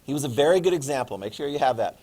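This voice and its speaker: A man in his fifties giving a classroom history lecture, lively and joking, acting out quotes. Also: medium pitch, rapid-fire, husky. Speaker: history teacher.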